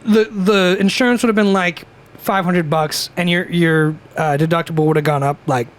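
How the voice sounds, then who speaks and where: High-voiced young man telling stories. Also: moderate pace. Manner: animated, profane storytelling with frequent laughs. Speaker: podcast co-host. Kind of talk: casual chat.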